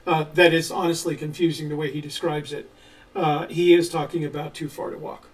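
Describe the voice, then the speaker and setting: Measured man, slightly high voice. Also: level tone. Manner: measured and explanatory, with frequent "uh" pauses. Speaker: co-host of a treasure-hunt channel. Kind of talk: casual live chat answering viewer questions. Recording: voice a little distant from the mic.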